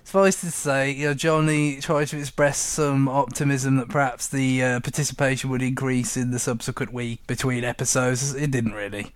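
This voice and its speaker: A man's voice: mid-range voice, level tone, moderate pace, few pauses, no room sound. A man hosting a casual podcast about retro games, laughing often as he talks. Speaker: podcast host.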